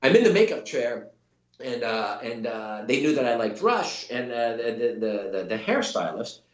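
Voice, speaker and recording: Animated man telling a story, roomy echo. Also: mid-range voice, moderate pace, lo-fi sound. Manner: animated, many restarts and quoted voices. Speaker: actor guest. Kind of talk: casual storytelling.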